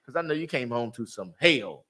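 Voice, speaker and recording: Animated bright-voiced man teaching class. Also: mid-range voice, fairly quick. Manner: animated, preachy, slangy street talk with exclamations. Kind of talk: lively Bible class teaching.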